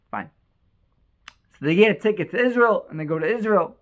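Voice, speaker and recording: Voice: medium pitch, animated, brisk, long pauses. A storyteller telling an inspirational religious story with emotion, repeating words and restarting sentences.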